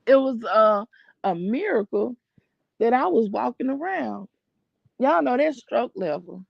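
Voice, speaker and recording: A middle-aged woman with a very gravelly, fry-heavy voice tells a long story to her viewers, keeping up a steady stream of "I said, he said." Her pitch sits a little high, and the sound is dull and dry, like a lo-fi stream. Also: measured pace, no echo. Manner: chatty, retells others' words with "I said, he said". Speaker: family channel host. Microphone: streaming setup.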